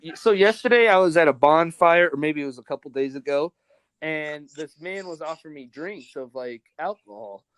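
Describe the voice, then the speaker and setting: A man's voice: on the high side, normal speed, fairly bright tone, smooth, no echo. A young man hosting a podcast, telling stories in a rambling, profane, casual way. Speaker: podcast host. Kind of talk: casual chat.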